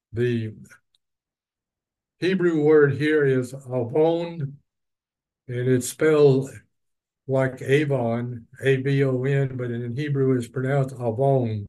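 Slow-speaking man teaching a Bible study. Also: mid-range voice, a little mellow, low-quality recording. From East Texas. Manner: unhurried, reads verses then explains with asides.

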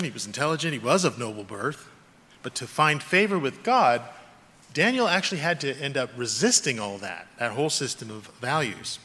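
Bright-voiced male preacher in a hall. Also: on the high side. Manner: earnest, emphatic preaching with rising and falling stress. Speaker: pastor. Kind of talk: sermon. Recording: long reverb of a large hall.

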